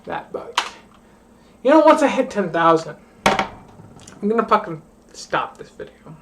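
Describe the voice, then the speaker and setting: A drunk young woman rambles and swears in a late-night vlog rant, slurring and repeating the same phrase over and over. Her mid-range voice swings widely in pitch, and her pace is unhurried. She sounds distant from the mic, with background noise.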